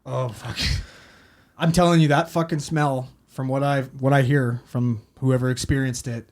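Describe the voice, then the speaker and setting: A man's voice: medium pitch, fairly even intonation, normal speed, darkish tone. A man, a paramedic telling a story in casual podcast chat, profane and rambling as he acts out quotes.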